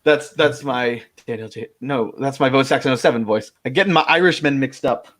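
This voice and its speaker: A young man, chatting casually about fan films, laughing often and slipping into quick impressions. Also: mid-range voice, a bit bright. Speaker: fan-film actor and co-host. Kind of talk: casual chat.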